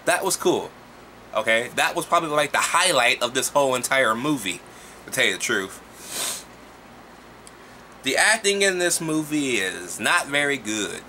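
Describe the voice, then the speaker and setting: A man giving a casual, profane movie review, talking in an animated, exasperated way. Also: mid-range voice, a little slow, pauses often, a little hiss or hum.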